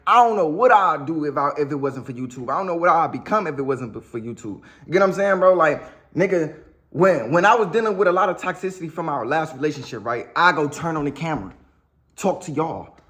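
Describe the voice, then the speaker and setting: A young man talks straight to the camera in a casual, unscripted vlog, offering relationship advice. He is blunt and slangy, and keeps circling back to the same catchphrases. His voice sits a little higher than most men's. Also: expressive, fairly quick, a bit bright. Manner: blunt, slangy, repeats "you get what I'm saying". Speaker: vlogger giving relationship advice. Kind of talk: casual direct-to-camera talk.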